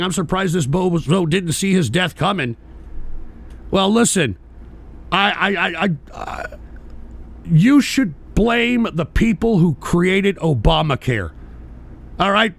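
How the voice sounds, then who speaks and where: Older male radio host, high gravelly voice, profane angry rant, dry close sound. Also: no echo. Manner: angry, profane, shouting at times. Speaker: podcast host.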